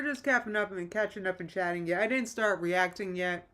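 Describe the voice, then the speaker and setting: A woman's voice: mid-range voice, brisk, a bit bright. A woman hosting a casual livestream, rambling and nostalgic as she reads viewer comments aloud and restarts her sentences. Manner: nostalgic and emotional. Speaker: livestream host. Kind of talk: casual live-stream chat with viewers.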